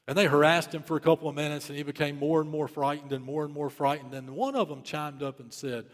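A man's voice: a little high, fairly even intonation, fast talker, hardly any pauses, big-room sound. A man preaching a sermon, telling a story in an urgent, emphatic way and repeating key phrases. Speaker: pastor.

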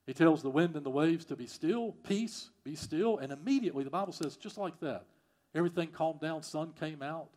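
A man preaching a sermon, repeating phrases and swinging from loud emphasis to quiet, prayerful lines. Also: on the high side, brisk. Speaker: pastor.

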